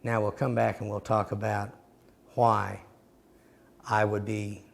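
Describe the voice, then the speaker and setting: A man's voice: fairly low pitch, flat delivery, slow, creaky. A man teaching a sermon-style seminar, telling earnest stories that act out little scenes. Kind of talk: teaching sermon with personal illustrations.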